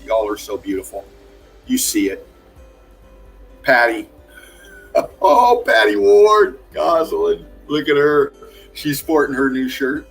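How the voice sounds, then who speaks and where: A man hosts a casual livestream, heaping praise on each viewer who turns up. He talks at a middle pitch, calls people darling and laughs often. Faint music plays underneath. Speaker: livestream host. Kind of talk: casual livestream shout-outs.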